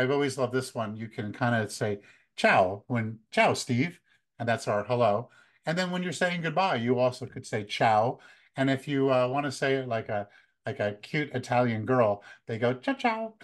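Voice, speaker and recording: An American man in his fifties, a photography workshop leader, giving relaxed, conversational travel tips with many fillers. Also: mid-range voice. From United States. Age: 50s. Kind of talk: casual talk, practical travel tips.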